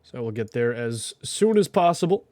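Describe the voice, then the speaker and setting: A man's voice: medium pitch, big pitch swings, normal speed, dark tone, dry recording. A man hosting a game tournament stream, chatting casually and thinking aloud with lots of fillers. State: out of breath. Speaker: tournament host. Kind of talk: casual livestream commentary.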